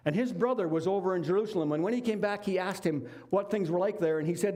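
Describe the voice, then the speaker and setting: A man's voice: high voice, quick pace, mellow. A middle-aged man preaching a sermon, retelling a Bible story in a conversational, folksy way with casual asides. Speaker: lay preacher.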